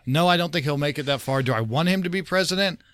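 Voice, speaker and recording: A man co-hosting a casual podcast chat, wry and opinionated, with a deadpan manner. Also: fairly high pitch, quick pace, no echo, clean studio sound. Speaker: podcast co-host.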